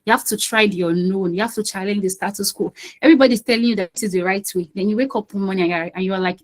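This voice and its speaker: A woman's voice: mid-range voice, quick pace, few pauses, rough recording. Chatty woman hosting an online quiz. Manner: chatty, coaxing, repeats phrases. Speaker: quiz host and session facilitator. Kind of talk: casual online quiz session.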